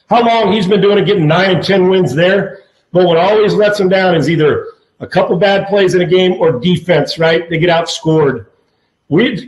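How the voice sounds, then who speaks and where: A man in his fifties, a former football player, telling stories casually with constant swearing and stammering restarts. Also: high voice. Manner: profane, stammering, animated. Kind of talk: casual chat, storytelling. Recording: roomy echo.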